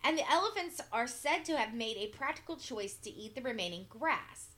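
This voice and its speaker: A woman's voice: fairly high pitch, animated, moderate pace, a bit bright. A woman co-hosting a casual podcast chat, reading an article aloud and breaking off with dry asides.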